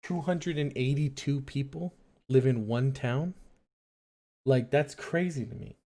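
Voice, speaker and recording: A man's voice: mid-range voice, measured pace, mellow. A young man hosting a late-night talk stream in his home setup, musing aloud in a rambling, hesitant way full of fillers. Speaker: late-night radio-style stream host. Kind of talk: casual rambling monologue.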